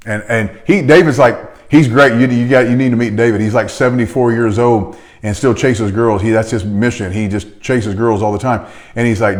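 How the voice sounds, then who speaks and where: A man's voice: medium pitch, a little fast. Blunt, emphatic middle-aged man. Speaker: chiropractor and practice coach. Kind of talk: motivational talk.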